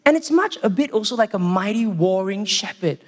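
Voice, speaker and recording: A Singaporean man with a Singaporean English accent giving a church sermon. He opens with a prayer and then tells animated stories. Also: sits high, a little fast. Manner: animated storytelling, acts out quotes. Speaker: church staff preacher. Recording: long hall reverb.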